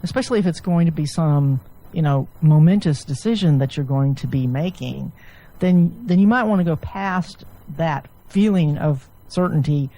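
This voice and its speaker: A woman physician and author, a guest, explaining ideas at length in a relaxed interview, often restarting her sentences. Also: deep voice, normal speed, rough recording. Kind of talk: casual interview chat.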